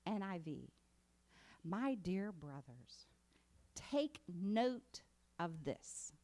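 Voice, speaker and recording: A woman's voice: fairly low pitch, very animated, very slow, dark tone. A woman preaching a sermon in a conversational way that builds to emphatic exhortation. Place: congregation meeting hall.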